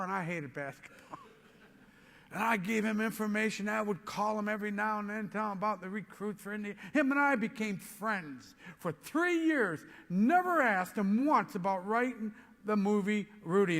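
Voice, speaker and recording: A man's voice: high voice, moderate pace, a bit bright. An older man giving a motivational speech to a live audience, telling a story with energy and acting out both sides of the conversations. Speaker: motivational speaker. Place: large hall before an audience. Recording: long hall reverb with faint music.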